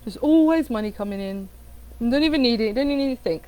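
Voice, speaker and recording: A woman giving a casual coaching talk on affirmations, animated, repeating phrases with different inflection. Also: mid-range voice, fast talker, a little hiss or hum, low-quality recording. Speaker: spiritual coach.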